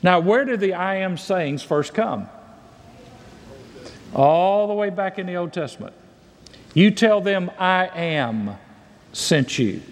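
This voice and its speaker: A man's voice: fairly high pitch, in a large hall. A man preaching a sermon as pastor, reading and paraphrasing scripture with emphatic delivery.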